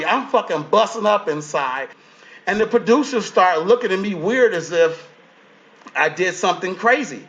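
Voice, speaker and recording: Brief: former reality contestant, man, high bright voice, lively profane storyteller. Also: lo-fi sound. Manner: animated storytelling, profane, acts out quotes. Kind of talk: casual interview storytelling.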